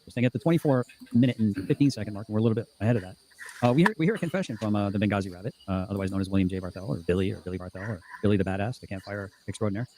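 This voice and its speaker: Fast-talking profane male livestream host. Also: on the low side, darkish tone, a little hiss or hum. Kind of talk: casual livestream chat reading comments.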